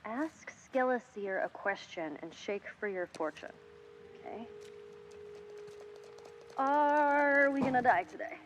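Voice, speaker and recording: A woman's voice: a little high, takes it slowly, pauses often, muffled recording, slight background noise. Women voicing wisecracking teenage girls in a video game's dialogue, trading playful, teasing banter.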